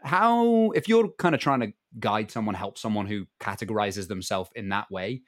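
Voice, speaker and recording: A man's voice: on the low side, lively intonation, moderate pace, no room sound, clean studio sound. A man hosting a casual podcast interview, teasing his guest, laughing often and asking probing questions. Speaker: podcast host.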